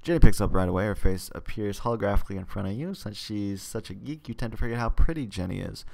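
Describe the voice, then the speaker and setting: A man's voice: fairly low pitch, lively intonation, quick pace, gravelly, a little mellow. A man reading a text adventure game aloud in a casual way, stumbling and tossing in joking asides.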